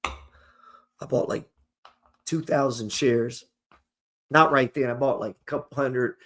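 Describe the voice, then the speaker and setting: A man's voice: medium pitch, slow, fairly bright tone. A man hosting an investing channel, talking casually and motivationally to camera in a rambling, profane, slangy storytelling way.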